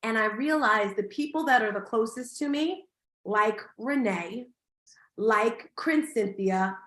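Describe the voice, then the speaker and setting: High-voiced, energetic woman motivational speaker. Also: a little slow. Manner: energetic, emphatic, bursts of loud excitement. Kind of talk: live motivational talk to an audience. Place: event hall. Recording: echoey hall.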